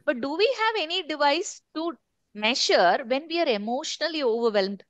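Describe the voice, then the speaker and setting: Middle-aged female trainer, slightly high, chatty, asks the room questions, dry close sound. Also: animated, moderate pace, a bit bright, dry recording. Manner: conversational, asks the group questions. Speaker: corporate trainer. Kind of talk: workshop talk to a live group.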